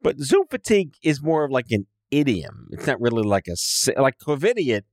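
Man, podcast co-host, joking, lively intonation, dry close mic. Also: medium pitch, no echo. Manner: joking, quick wisecracks, plays silly voices. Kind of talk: casual chat.

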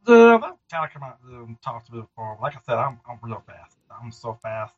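A man's voice: medium pitch, big pitch swings, fairly quick, highs cut off. A man voicing a boastful, lonely three-legged forest creature who talks in laid-back slang. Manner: laid-back slangy drawl, brags about speed.

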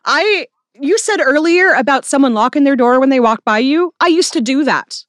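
A woman's voice: sits high, expressive, moderate pace, dry recording, studio quality. A woman podcast host in casual chat, talking bluntly and swearing freely.

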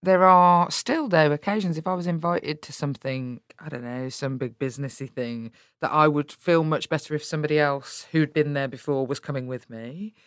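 Woman, interview guest: blunt, animated, swears freely, dry close sound. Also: low-pitched, normal speed, few pauses, clear, resonant tone, no room sound. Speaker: interview guest, politician and author. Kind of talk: candid conversational interview.

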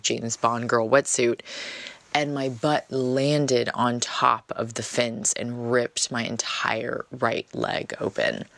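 A woman's voice: a bass voice, creaky, a bit bright, no echo. A woman telling a personal story in a casual, chatty monologue, often dropping "like" as filler.

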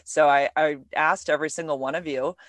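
A woman hosting a podcast, telling stories in an animated, emotional way. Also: low voice, a little fast, dry recording. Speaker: podcast host. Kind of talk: casual podcast conversation.

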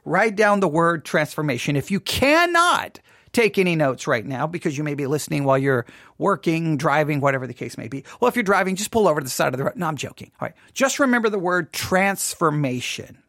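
A podcast host talks casually and rambles, repeating words and tossing rhetorical questions at listeners. The medium-pitched voice is very animated, a little fast and a bit bright, in a dry, clean studio recording.

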